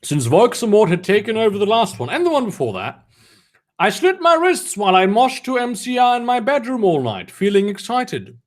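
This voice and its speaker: A man's voice: sits high, wildly swooping pitch, normal speed. A man reading a fan story aloud for comedy, breaking off for mocking, sarcastic asides. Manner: sarcastic, mocking commentary between read lines. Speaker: reader of fan fiction.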